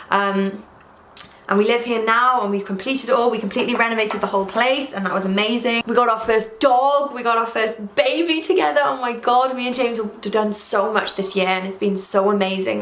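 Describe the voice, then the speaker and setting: A woman's voice: medium pitch, fairly bright tone, slight background noise. A young woman chatting rambly and gushing to her viewers while doing her makeup at home, full of "like" and "um". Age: young adult. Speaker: YouTuber. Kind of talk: casual get-ready-with-me chat while doing makeup. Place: room in her own house. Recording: echoey room with faint ambience.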